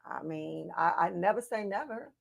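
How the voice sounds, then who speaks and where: A woman's voice: on the low side, expressive, normal speed, gravelly. A woman co-hosting a casual live-stream watch-along, talking to the viewers and arguing her point of view. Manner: chatty, talks straight to the viewers and argues her take.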